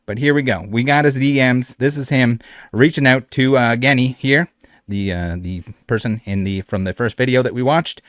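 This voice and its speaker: A man's voice: medium pitch, moderate pace, no room sound, clean studio sound. A man hosting a reaction commentary who speaks in a blunt, indignant way and swears often. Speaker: channel host.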